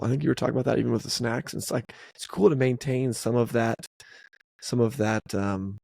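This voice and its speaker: A man co-hosting a casual family podcast, talking animatedly and jumping up in pitch when he acts out other people's lines. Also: creaky, no echo, clean studio sound. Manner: animated, acts out quotes with big pitch jumps. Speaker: podcast co-host.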